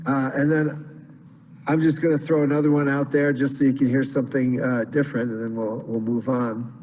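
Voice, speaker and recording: A man's voice: mid-range voice, level tone, brisk, a little mellow, in a large hall, faint music behind, low-quality recording. A man teaching Byzantine chant in an online class, explaining casually with many fillers and restarts.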